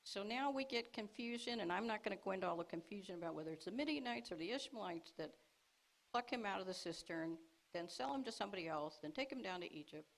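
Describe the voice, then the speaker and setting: A woman preaching to a congregation, retelling a scripture story in a lively way, acting out the characters' lines and laughing along. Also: medium pitch, quick pace, vocal fry, rough recording. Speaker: speaker at a congregation service. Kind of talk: teaching sermon.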